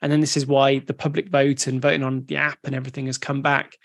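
A man's voice: mid-range voice, level tone, fast, a bit bright. A man co-hosting a podcast, explaining things in a casual, rambling way with lots of restarts. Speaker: podcast co-host. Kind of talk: casual educational chat.

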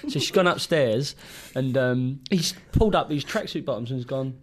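A man's voice: medium pitch, normal speed, few pauses. A man telling a funny story in casual podcast chat. He acts out other people's voices and laughs often. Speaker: podcast co-host. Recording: noisy podcast recording.

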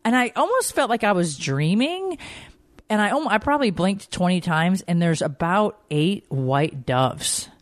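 A woman's voice: medium pitch, normal speed, dry recording. This is a woman co-hosting a casual talk show, spinning anecdotes and jumping into quoted voices. Her sound is dry and close, with no room around it. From Georgia, US. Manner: chatty storyteller, lively quoted voices. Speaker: podcast co-host. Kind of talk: casual chat.

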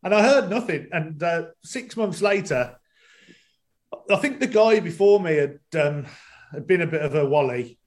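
A man's voice: fairly high pitch, expressive, normal speed. Hesitant man telling a story. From England. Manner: rambling, hesitant storytelling with many fillers. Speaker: stadium announcer and guest. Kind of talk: casual interview chat.

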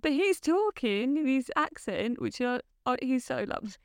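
Woman, podcast co-host, smooth clear voice, fairly high, chatty, dry close mic. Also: big pitch swings, normal speed, no room sound. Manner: chatty, enthusiastic, laughs often. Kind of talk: casual chat.

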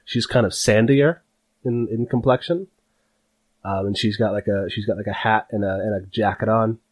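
A man's voice: fairly low pitch, normal speed. A man narrating a tabletop game as game master, rambling with lots of fillers. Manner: rambling, filler-heavy, animated.

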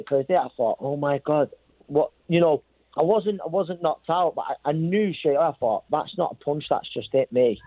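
A man's voice: a little high, dry recording. A man, a boxer recounting a story in an interview, rambling and repeating himself as he quotes others. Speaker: boxer telling his story. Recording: thin phone-like sound.

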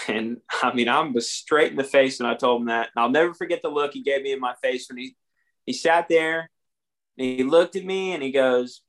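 A man's voice: mid-range voice, fairly even intonation, fairly quick, a bit bright. Earnest young man telling his story. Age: young adult. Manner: earnest, plain-spoken, acts out his own past dialogue. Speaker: podcast guest. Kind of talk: candid storytelling about addiction recovery.

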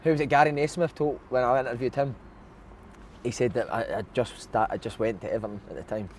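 A man who talks quickly, pushing guests along with questions. He swears in easy banter. His pitch is ordinary, and faint traffic murmurs in the background. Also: steady tone. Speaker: podcast host. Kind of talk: casual chat.

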